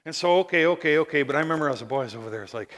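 A male preacher gives an animated sermon in a high, bright, ringing voice, swinging from loud bursts to near-murmurs and pausing to question the congregation. A large hall lends the sound a long reverb tail.

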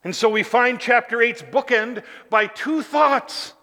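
A man preaching a sermon, emphatic, building to shouted lists and then dropping low again. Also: unhurried. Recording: long hall reverb.

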